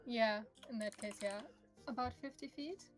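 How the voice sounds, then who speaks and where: A woman's voice: a little high, moderate pace, over music. A woman playing a tabletop game, speaking in a dry, somewhat hesitant way. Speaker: player.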